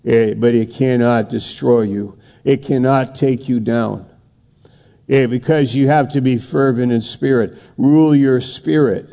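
Mellow-voiced male preacher. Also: medium pitch, gravelly. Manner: conversational preaching with rising emphatic bursts and restarts. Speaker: pastor. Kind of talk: sermon.

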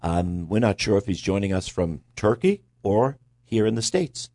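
A man's voice: lowish voice, moderate pace, no room sound, studio quality. A man hosting a Christian call-in radio show, leading a prayer and taking calls. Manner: prays and takes calls in a steady, calm way. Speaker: radio host and pastor.

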